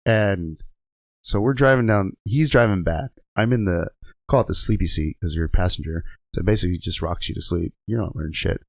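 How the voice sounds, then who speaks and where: A man's voice: deep voice, brisk, dry recording. A man, a truck driver and guest on a podcast, telling rambling, profane stories in a casual chat and laughing as he goes. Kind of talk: casual storytelling. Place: podcast studio.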